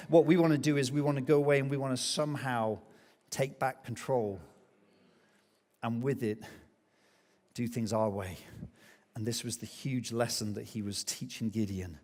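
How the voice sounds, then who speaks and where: A man preaching a sermon as pastor, telling a story with lively acted-out quotes. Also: mid-range voice. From England. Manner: animated storytelling, acts out quoted voices. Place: church hall. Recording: long hall reverb.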